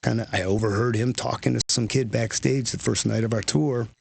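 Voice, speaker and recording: A man with a low, gravelly voice and a husky edge tells stories in an easygoing, rambling way, his phrases strung together with "you know" and "like". He is recorded close in a dry space with no room sound around him. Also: steady tone, brisk, dry recording. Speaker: guest musician, lead singer. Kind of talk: casual conversational storytelling.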